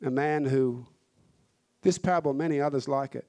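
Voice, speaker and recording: A man's voice: medium pitch, normal speed, mellow. A man preaching a sermon, fervent and emphatic, repeating phrases to drive points home.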